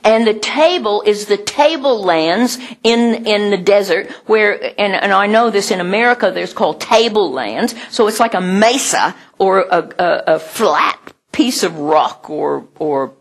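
A middle-aged woman preaching a sermon in a relaxed, conversational way. Her voice is soft and breathy, of middling pitch, and she often breaks into laughter and acts out the people she quotes. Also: unhurried, few pauses. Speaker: pastor.

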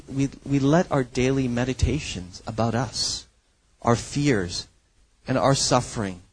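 Male pastor, mid-pitch, deliberate sermon delivery, emphatic, dry studio-like sound. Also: no echo, poor audio. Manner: earnest, emphatic preaching with frequent "right?" asides.

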